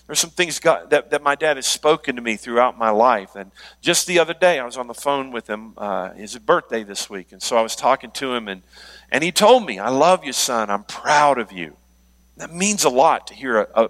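A middle-aged man preaching a sermon to a congregation, telling personal stories with humor and lively asides. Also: mid-range voice. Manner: storytelling, animated, jokes with congregation. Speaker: pastor.

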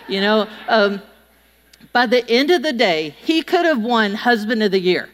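A middle-aged woman telling a funny story from a stage, chatty and folksy. She slips into little voices for the people she quotes. Her voice sits a bit high and rings with the long reverb of a large hall. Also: normal speed, fairly bright tone, clear, resonant tone. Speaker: public speaker. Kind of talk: humorous storytelling speech to an audience.

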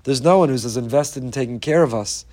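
A man's voice: mid-range voice, fast, a little mellow. A man giving an inspirational Torah talk, telling stories earnestly and emphatically, often repeating phrases for weight. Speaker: Torah teacher.

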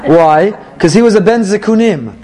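A man teaching a Torah class, animated, asking questions and answering them himself. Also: high voice, normal speed, a crowd in the background, poor audio.

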